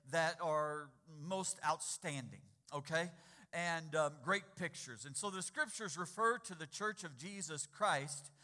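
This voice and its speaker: A man preaching a sermon as pastor, getting the congregation to answer back and repeating key words. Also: fairly high pitch. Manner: quiet and slow in prayer, louder and rising when exhorting.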